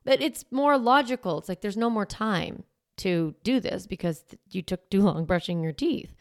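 Woman, parenting coach, casual conversational talk, smooth resonant voice, middle pitch. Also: animated, normal speed, dry recording, clean studio sound. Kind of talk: casual direct-to-camera talk.

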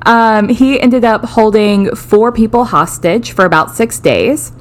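A woman co-hosting a podcast, explaining a topic in casual, measured steps with dry jokes. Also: a little high. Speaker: podcast co-host.

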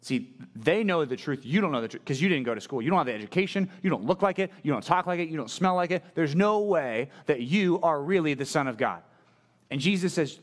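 A man's voice: on the high side, expressive, a little fast. A middle-aged male pastor preaching a conversational sermon, asking listeners direct questions and acting out the quoted voices.

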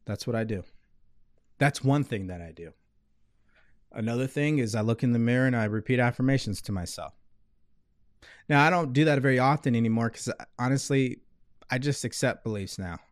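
A man hosting a live motivational talk, earnest in manner, slowly repeating gratitude affirmations. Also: medium pitch, no echo, clean studio sound. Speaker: motivational host. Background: loud relaxing music.

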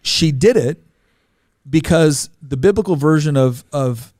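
A man's voice: fairly high pitch, unhurried, a little mellow, dry recording, clean studio sound. Earnest man telling a story. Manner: earnest, repeats words as he goes. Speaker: guest. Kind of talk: storytelling in a podcast interview.

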